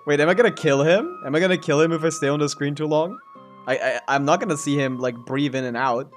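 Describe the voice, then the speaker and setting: A man's voice: medium pitch, normal speed, pauses often, faint music behind. Joking man streaming a game. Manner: rambling and joking, laughs often. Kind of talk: casual gaming commentary.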